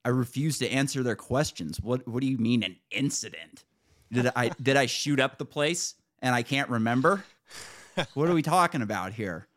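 A man's voice: medium pitch, moderate pace. Exasperated man telling a story. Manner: animated, exasperated retelling with profanity. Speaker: podcast host. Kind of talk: casual storytelling chat.

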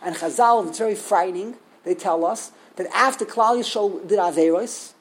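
A man's voice: high voice, normal speed, low-quality recording. A man, a rabbi, giving a Torah sermon, asking rhetorical questions and often repeating and restarting his words.

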